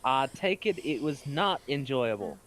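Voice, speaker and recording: A man's voice: medium pitch, sing-song, unhurried, background noise. A man playing a tabletop game in a matter-of-fact way with dry humor. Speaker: player.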